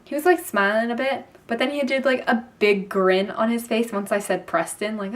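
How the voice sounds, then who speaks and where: A young woman vlogging, telling a story in a gushing, excited way with lots of fillers. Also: fairly high pitch, moderate pace. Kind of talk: casual storytelling to camera.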